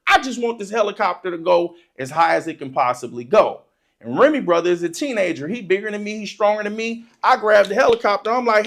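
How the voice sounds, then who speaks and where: An animated storyteller recounts a funny childhood story in casual, informal speech, laughing often and acting out the excitement. The medium-pitched voice is a little fast and creaky, in a comedic personal storytelling style.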